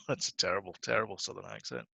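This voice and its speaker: Gravelly bright-voiced man. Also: fairly low pitch, steady tone, a little fast, no echo. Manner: chatty, laughs easily, restarts words. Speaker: podcast co-host. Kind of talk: casual chat.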